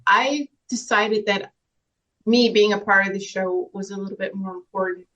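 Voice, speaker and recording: A woman's voice: mid-range voice, fairly even intonation, normal speed, a bit bright. A woman being interviewed as a guest actress, speaking earnestly and reflectively and laughing often in casual chat. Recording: slightly dull, lo-fi sound.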